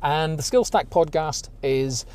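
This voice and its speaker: Teasing podcast host, mellow tone. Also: male voice, fairly high pitch, measured pace, clean tone. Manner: teasing, confident, salesy. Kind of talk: casual podcast chat.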